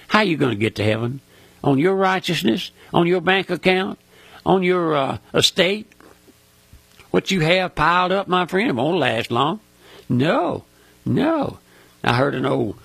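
An older man preaching with a Mississippi Southern drawl, folksy and fervent. His gravelly, husky voice swings high and low and sounds bright and forceful. The sound is close and dry. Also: no echo. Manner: folksy, fervent, repeats "my friend" and "listen". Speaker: radio preacher. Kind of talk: radio sermon.

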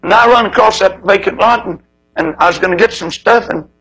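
A man with a husky voice voicing a frightened little boy in a sermon story, speaking in a halting, stumbling way. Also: high-pitched, a bit bright, voice pushed up, heavily acted, poor audio. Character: frightened little boy who lost his money.

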